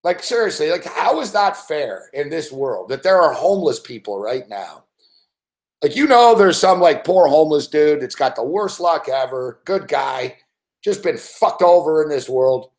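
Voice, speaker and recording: Man ranting about betting picks, fed-up and cursing a lot, swooping lively pitch, fairly high voice. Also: normal speed. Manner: profane, exasperated ranting. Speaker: sports betting analyst. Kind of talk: live-stream betting rant.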